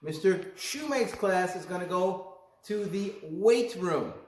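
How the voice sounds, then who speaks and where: Brief: man with a high, lively voice giving animated announcements, far off in a big echoey gym. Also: slow pace. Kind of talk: announcements to students. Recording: echoey gym, distant mic.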